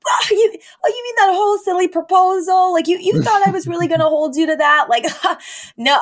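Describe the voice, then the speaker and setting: A woman voicing a bubbly sitcom nanny who forces a breezy cheer, high and overbright while laughing things off. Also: fairly quick. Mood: forced breezy.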